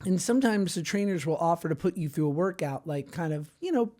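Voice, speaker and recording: A man's voice: on the high side, expressive, darkish tone. A man co-hosting a casual comedy podcast, telling a playful story about a gym trainer. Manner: storytelling, playful, quick to laugh. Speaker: podcast co-host.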